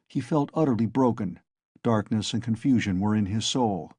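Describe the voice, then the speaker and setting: A man narrating an audiobook in a steady storytelling manner on a close mic. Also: fairly low pitch, moderate pace, husky, dry recording. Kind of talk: scripted narration.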